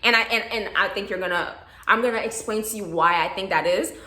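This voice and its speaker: A young woman telling a casual storytime in a chatty, animated way, acting out quotes. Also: medium pitch, a little fast. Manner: animated, chatty, laughs often, acts out quotes. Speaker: vlogger. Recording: echoey room.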